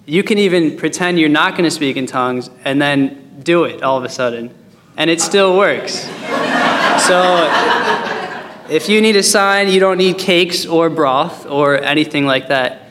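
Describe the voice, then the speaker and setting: A man's voice: a little high, a little slow, very noisy. A man teaching a Bible passage in a chatty, joking way, reading verses and explaining them. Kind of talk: casual Bible study teaching. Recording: long hall reverb.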